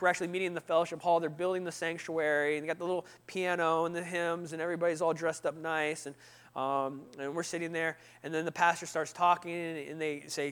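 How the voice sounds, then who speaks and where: Bright, high-voiced man telling a story. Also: smooth. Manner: animated storytelling, acts out voices, swings from loud to hushed. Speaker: preacher. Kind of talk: sermon storytelling.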